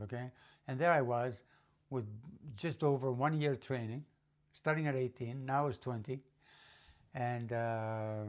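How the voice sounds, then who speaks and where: Rambling middle-aged man telling a story. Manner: rambling, with many fillers and restarts; acts out quoted voices, often higher and louder. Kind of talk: casual spoken life story.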